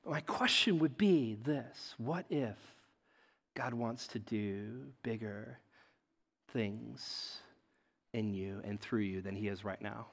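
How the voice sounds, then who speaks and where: A male pastor preaching a sermon in an animated, self-deprecating way, often checking in with the listeners. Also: fairly low pitch, takes it slowly, gravelly, long reverb tail. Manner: animated, self-deprecating, keeps asking "right?".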